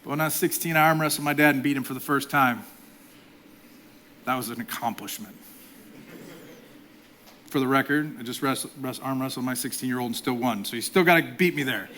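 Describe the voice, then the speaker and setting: A man in his forties, a pastor preaching a sermon, swinging between loud emphatic exhortation and soft, intimate delivery. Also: mid-range voice, brisk, long pauses, a little hiss or hum. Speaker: executive pastor.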